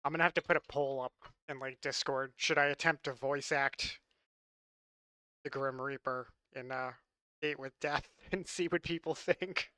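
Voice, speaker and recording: A man's voice: medium pitch, steady tone, normal speed, pushed and bright, clear, resonant tone, no room sound. A man chatting casually with his audience on a live stream, loose and joking, laughing often and swearing freely. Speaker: livestreamer.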